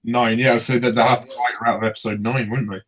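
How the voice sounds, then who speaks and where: A man's voice: mid-range voice, flat delivery, fast, a bit bright, husky. A man co-hosting a casual film review chat, chiming in with asides.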